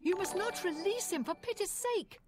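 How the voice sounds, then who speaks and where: A woman's voice: very high-pitched, animated, normal speed, noisy background. An actress voicing a weary female prisoner in a video game, pleading and grim. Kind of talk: game dialogue.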